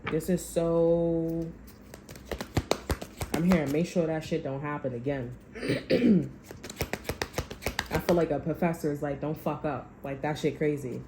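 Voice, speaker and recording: A woman's voice: deep voice, slow, long pauses, roomy sound, background noise. A woman giving a tarot reading, talking to her viewers in a blunt, profane, sassy way. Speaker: tarot reader. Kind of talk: casual spiritual reading monologue.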